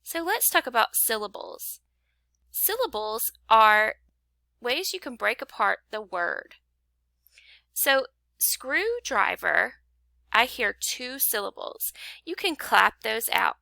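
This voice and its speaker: A woman teaches phonics at an unhurried pace, pausing to clap out each syllable. Her voice is bright and slightly high, with a heavy gravelly fry at the ends of phrases. The sound is close and dry. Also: very animated, dry recording. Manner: slow, patient, clapping out syllables. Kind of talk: phonics lesson to young learners.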